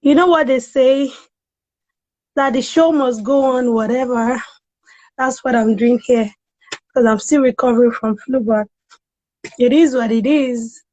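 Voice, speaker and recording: Woman, live-stream host, slow and high, voice roughed up by a cold, chatty, shouts out viewers. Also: steady tone, rough recording. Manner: chatty, greets viewers by name, laughs often. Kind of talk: casual live-stream chat.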